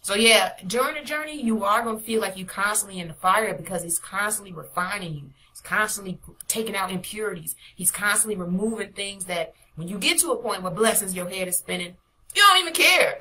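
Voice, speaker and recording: A young woman ministers in a loose, devotional preaching style, her bright, pointed voice pressing each exhortation home. She repeats her key lines with mounting insistence, keeping it personal and direct. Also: mid-range voice, expressive, a little fast, slight background noise, rough recording. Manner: emphatic, repetitive exhortation with bursts of laughter. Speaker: prophetic minister.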